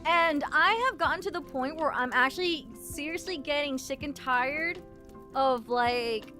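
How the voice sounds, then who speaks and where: A young woman streaming live, chatting casually and rambling, laughing often and sometimes breaking into shouts. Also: sits high, a little slow, soft background music. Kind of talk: casual livestream chat.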